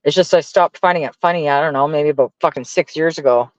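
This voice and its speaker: A man's voice: fairly high pitch, fast talker, no room sound, muffled recording. A man venting casually to his stream viewers, profane and exasperated as he rants. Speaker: livestreamer talking to chat.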